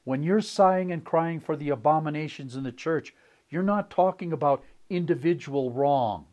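Older male preacher, slightly high voice, slow emphatic sermon delivery with repeated phrases. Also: a little mellow, muffled recording. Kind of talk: sermon reading and commenting on texts.

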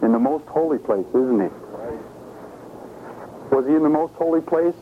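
A man's voice: on the high side, animated, normal speed. Man preaching over a tinny, hissy recording. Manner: emphatic, asks the audience questions. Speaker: preacher teaching a Bible study. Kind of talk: sermon-style Bible study. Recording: lo-fi phone-like recording with faint hiss.

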